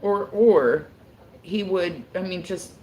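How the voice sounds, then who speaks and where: A woman's voice: fairly low pitch, slow pace, a little mellow. Rambling woman livestreaming from an echoey room. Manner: rambling, heavy use of filler words, frequent swearing. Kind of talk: casual livestream chat.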